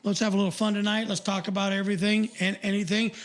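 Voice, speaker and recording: An older man with a notably high voice co-hosts a podcast in casual chat. He rambles, circling back with fillers and restarts as he goes. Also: level tone, fast. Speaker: podcast co-host.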